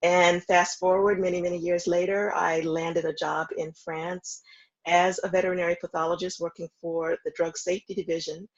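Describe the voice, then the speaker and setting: A woman in her fifties from the American South, a foundation founder calmly recounting her story in a remote interview, with steady ums. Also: on the low side, muffled recording. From Houston, Texas. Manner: measured, reflective storytelling with frequent ums.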